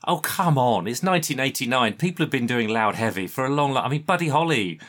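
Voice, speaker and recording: A man's voice: mid-range voice, lively intonation, fast talker, a bit bright. A man co-hosting a casual music chat, wry and emphatic, poking fun at himself. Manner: wry, self-deprecating, emphatic. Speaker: podcast co-host.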